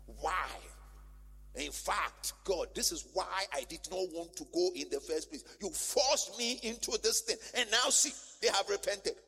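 A man's voice: high-pitched, expressive, a little slow, pushed and bright, husky, full character voice. A man voicing a sulking, angry male prophet who pleads, whines and begs to die. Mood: petulant. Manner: whiny, pleading, petulant. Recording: long church-hall reverb.

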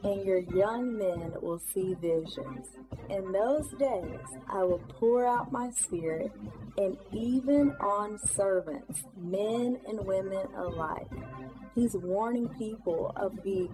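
A woman's voice: medium pitch, slow pace, rough recording. A woman narrating a scripted religious message, earnest and urging listeners to repent. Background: music.

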